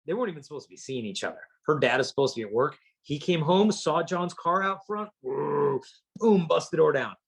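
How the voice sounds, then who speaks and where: A chastity speaker with a slightly high, gravelly voice and a breathy edge talks briskly to teenagers. He tells stories in a punchy, humorous way, acting out the people and their quotes with lively energy.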